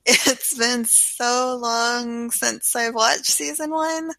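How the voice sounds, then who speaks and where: A woman's voice: a little high, extremely slow, gravelly, background noise. A woman co-hosting an anime podcast, chatting casually and cheerfully with frequent giggles. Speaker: podcast co-host. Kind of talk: casual anime review chat.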